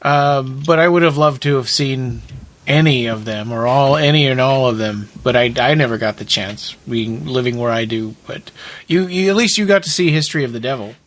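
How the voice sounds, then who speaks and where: Halting man in casual podcast chat. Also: mid-range voice. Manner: short agreeing replies, halting restarts. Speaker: podcast co-host.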